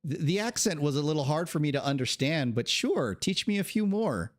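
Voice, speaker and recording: A man's voice: a little high, animated, a little fast. A man streaming a game, making sarcastic, joking asides in casual commentary. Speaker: gaming streamer.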